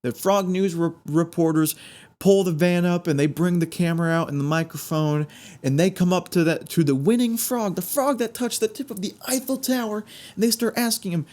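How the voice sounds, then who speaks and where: Man telling a story, slightly high voice. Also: normal speed. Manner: animated storyteller, builds suspense. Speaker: podcast host. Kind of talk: storytelling on a podcast.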